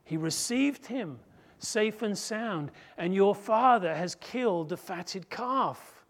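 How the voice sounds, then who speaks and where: A man preaching a sermon as pastor, telling the story slowly and emphatically with dramatic flair. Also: high voice, lively intonation.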